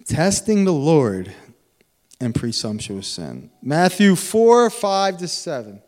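A man preaching a sermon in a lively, animated way, swinging between loud emphatic bursts and quiet asides. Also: fairly high pitch, takes it slowly. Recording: long hall reverb.

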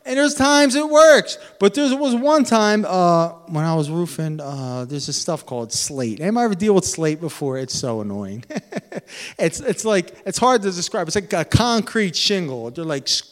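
Animated preaching man in echoey hall. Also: sits high, moderate pace. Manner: animated, swings between loud and soft. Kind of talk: sermon. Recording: long hall reverb.

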